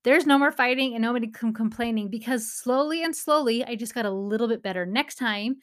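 A woman's voice: on the high side, brisk, a bit bright. A woman in her thirties hosting a parenting talk, speaking in an earnest, encouraging, casual way, with touches of faith. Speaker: parenting podcast host.

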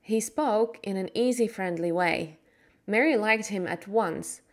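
A woman reading a graded storybook aloud for English learners, clearly and a little slower than everyday speech. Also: mid-range voice. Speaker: podcast reader.

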